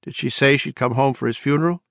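Man reading a frail weepy old mom, high and soft, begging for good news. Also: fast talker, creaky, no room sound, clean studio sound, lightly acted. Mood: pleading. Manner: soft, pleading. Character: weeping older mother, pleading and fragile.

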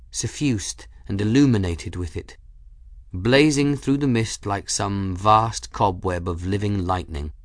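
A man narrating a fantasy audiobook in measured, even scripted narration. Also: on the low side, no room sound, studio quality.

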